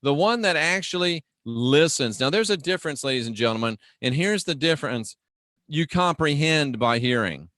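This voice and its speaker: A man's voice: a little high, expressive, fairly bright tone, no echo, studio quality. Emphatic man teaching scripture on a livestream. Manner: conversational and emphatic, slows and raises voice for key phrases; greets viewers and talks to himself while navigating a website. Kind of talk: casual livestream Bible teaching.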